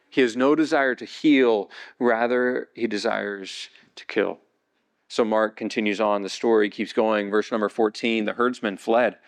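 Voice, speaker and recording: In his sermon, a male pastor with a creaky voice brings a Bible story to life, building toward high-pitched bursts of excitement.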